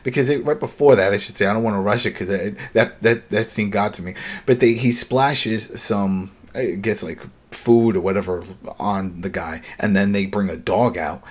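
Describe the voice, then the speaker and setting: On a podcast, a man with a lowish voice casually recaps a TV episode at a normal pace. He gives an animated retelling of the scenes, acting out the characters' lines as he goes.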